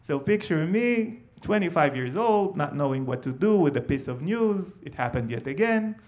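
Man, Hebrew, animated live storyteller, voice sits a bit high. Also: moderate pace. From Israel. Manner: animated, with frequent fillers.

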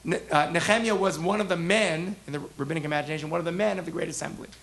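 A man teaching a text class as a rabbi, animated, asking the class questions and acting out the prophets' voices. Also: a little high, very fast, vocal fry. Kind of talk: interactive text lesson.

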